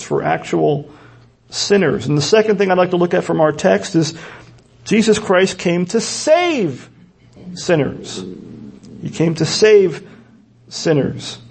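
Male pastor, sermon, husky voice, gravelly edge, earnest and emphatic. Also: high-pitched, darkish tone. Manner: earnest, emphatic preaching with repeated phrases.

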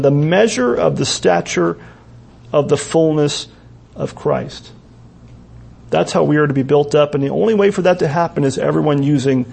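A man preaching a sermon as pastor, earnest, with pauses and repeated phrases. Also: on the high side, vocal fry, darkish tone, breathy edge.

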